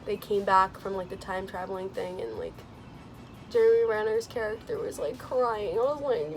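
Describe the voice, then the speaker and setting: A young woman vlogger chatting casually about a movie she just saw, gushing and excitable, with lots of "like"s, laughs and sighs. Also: moderate pace, background noise. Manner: gushing and excitable, many "like"s, laughs and sighs, swings into squealing high quotes. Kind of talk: casual chat.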